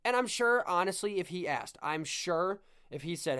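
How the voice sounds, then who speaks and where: A man hosts a casual sports podcast, talking in an animated, rambling way and cracking jokes as he goes. His voice sits a little higher than most men's. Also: moderate pace, few pauses, clear, resonant tone. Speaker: podcast host.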